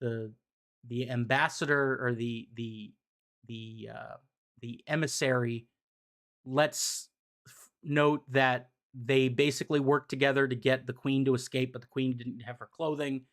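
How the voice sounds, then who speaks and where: A man's voice: mid-range voice, steady tone, unhurried. Man, casual recap, live stream desk mic, rambling, lots of ums. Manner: rambling, frequent ums and restarts. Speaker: streamer summarizing comics.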